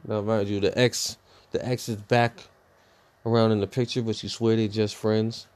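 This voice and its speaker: A young man telling a personal story in a rambling, profane, animated way, full of fillers. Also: lowish voice, a little slow. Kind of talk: casual storytime rant.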